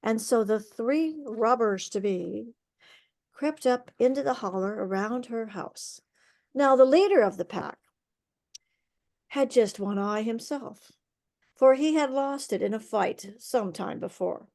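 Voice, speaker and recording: A woman storyteller telling a folk tale aloud over a video call, lively and expressive, with vocal sound effects. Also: fairly high pitch, takes it slowly, vocal fry.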